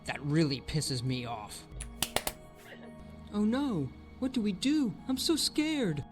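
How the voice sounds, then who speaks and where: A flat test character. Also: male voice, sits high, takes it slowly, music in the background, exaggerated voice. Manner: flat detached stock lines. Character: adult male debug character testing moods. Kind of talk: game voice lines.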